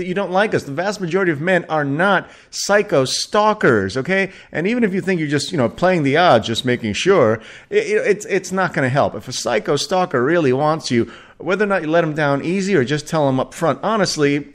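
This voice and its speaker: Man, 40s, podcast host: loose, profane rambling monologue, lots of false starts and chuckles. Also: on the high side. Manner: rambling, profane, frequent restarts and laughs. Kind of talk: casual solo podcast rant.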